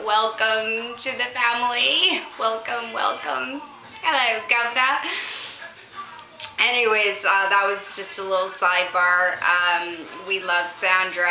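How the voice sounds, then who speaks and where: Woman vlogger, slow and bright, rambling chat with lots of ums, echoey room with faint music. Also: mid-range voice. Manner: rambling, lots of ums, laughs as she talks. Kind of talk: unscripted casual chat to camera. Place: her condo, indoors.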